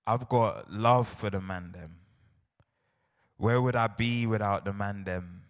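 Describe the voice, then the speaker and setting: A man's voice: lowish voice, measured pace. A young man with a South London accent, performing spoken word poetry and bantering playfully with a live crowd. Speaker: poet. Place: large hall on stage with audience. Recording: live hall recording with long reverb.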